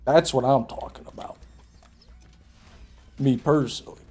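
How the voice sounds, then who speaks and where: Mellow-voiced, foul-mouthed gaming streamer. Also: male voice, mid-range voice, a little slow, slightly rough. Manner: profane, joking, laughs at his own jokes; chats with viewers while playing. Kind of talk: casual live gameplay commentary.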